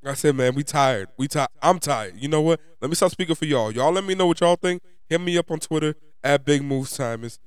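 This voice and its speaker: A young man from New York, his New York accent coming through as he rants. He talks in an emphatic, profane, fed-up way, like a fan vlogger venting. His voice is smooth and resonant, recorded dry and close. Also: fairly high pitch, brisk, hardly any pauses, no room sound. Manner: frustrated, profane, emphatic ranting. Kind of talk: ranting fan commentary.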